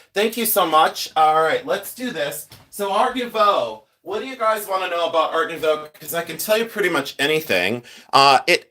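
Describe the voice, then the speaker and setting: A middle-aged man chats on a live stream, voice pitched somewhat high. He sounds stuffy and congested from his sinuses, rambling and thanking viewers as he goes. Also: a bit bright. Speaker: livestream host, jewelry collector. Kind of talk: casual live-stream chat.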